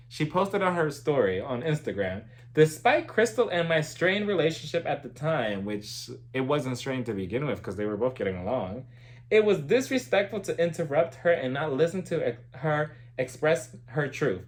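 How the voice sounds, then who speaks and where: A man's voice: fairly high pitch, fairly bright tone. A man giving a sassy, gossipy recap of a reality TV episode in a casual vlog. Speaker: TV recap vlogger.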